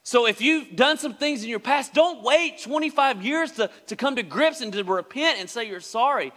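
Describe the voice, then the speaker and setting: Male pastor, sermon, dramatic delivery; bright, forceful tone, long church reverb. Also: very high voice, animated, normal speed. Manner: dramatic, acts out quoted speech. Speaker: preacher. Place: church sanctuary.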